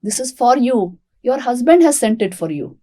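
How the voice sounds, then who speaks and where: A woman voicing a kind, radiant young boy who gently reassures a woman in a retold devotional story. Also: fairly high pitch, sing-song, moderate pace. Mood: gentle.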